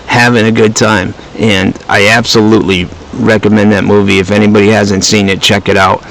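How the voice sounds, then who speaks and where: A man giving a casual movie review, animated and storytelling, who swears freely and acts out the lines he quotes. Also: lowish voice, brisk, creaky, a little hiss or hum, low-quality recording.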